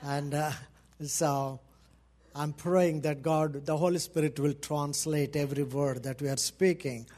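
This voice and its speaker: A man's voice: on the high side, steady tone, unhurried, darkish tone. Indian-accented missionary man, fervent. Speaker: missionary pastor. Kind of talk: church talk to a congregation.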